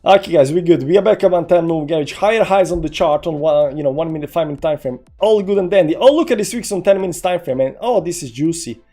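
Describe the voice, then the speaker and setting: A man's voice: a little high, quick pace, hardly any pauses, soft background music. A man live-streaming his crypto trades, moaning in despair at losses and cheering at gains, talking to his viewers. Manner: swings between groaning despair and excited cheering; dramatic, self-mocking, talks to chat. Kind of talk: live-stream commentary on a trading chart.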